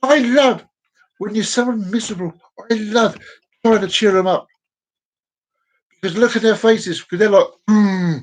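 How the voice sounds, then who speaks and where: An Englishman on a livestream, in an exasperated, ranting monologue that swings between loud outbursts and low mutters. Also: normal speed, long pauses. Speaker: livestream host.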